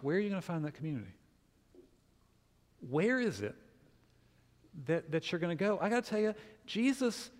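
A middle-aged man preaching a sermon, telling a family story in an animated way and acting out the quotes. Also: high-pitched. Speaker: pastor. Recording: long hall reverb.

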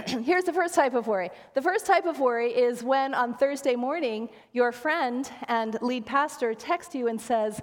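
A woman's voice: high voice, measured pace. A woman pastor giving a sermon to her congregation, preaching in a conversational way with playful asides. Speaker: associate pastor. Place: church sanctuary. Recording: long church reverb.

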